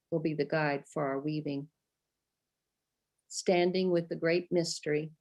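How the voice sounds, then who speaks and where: An older woman from the USA hosting a ceremony, speaking a slow, reverent spoken prayer and invocation. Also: low-pitched, vocal fry, a little mellow. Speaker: ceremony host.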